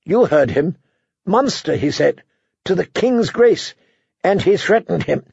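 A man's voice: high voice, lively intonation, a little slow, gravelly, a little mellow, breathy edge, no echo, voice pushed up, heavily acted. Cersei, a haughty queen read by a man. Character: proud, scheming queen mother. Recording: dull, dry recording.

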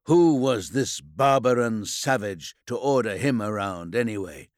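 Male audiobook narrator, slow and measured, dry close sound, mid pitch. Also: no room sound. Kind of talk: scripted narration.

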